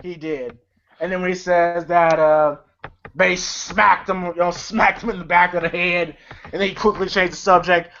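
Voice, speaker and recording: A man's voice: sits high, little pitch movement, normal speed, sharp tone, slight background noise. A man casually retelling movie scenes as a reviewer, rambling with lots of fillers and laughter. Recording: slightly dull lo-fi audio.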